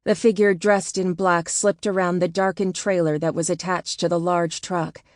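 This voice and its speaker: A woman audiobook narrator reading in a calm, measured scripted narration. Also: fairly low pitch, no echo, studio quality.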